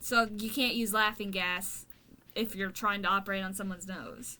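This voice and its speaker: A woman's voice: mid-range voice, fairly even intonation, moderate pace, bright, forceful tone. A woman streamer chatting casually while gaming, venting in a blunt, profane way.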